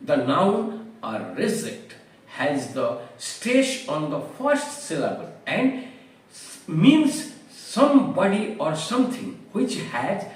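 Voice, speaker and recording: A man giving a careful English vocabulary lesson, explaining each word slowly with examples. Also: a little high. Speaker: English teacher. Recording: very echoey room, voice far from the mic.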